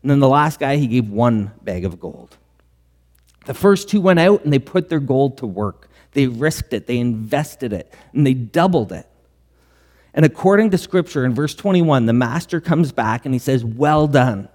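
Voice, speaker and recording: Male pastor, mid-pitched, earnest preaching with rhetorical questions, long hall reverb. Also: lively intonation, moderate pace, a little mellow. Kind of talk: sermon.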